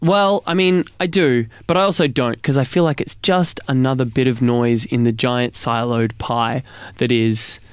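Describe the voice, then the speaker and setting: A man's voice: medium pitch, fairly even intonation, normal speed, clean tone, no room sound, clean studio sound. A man co-hosting a podcast, cracking jokes and quips in casual chat. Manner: jokey, quips, playful asides. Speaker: podcast co-host.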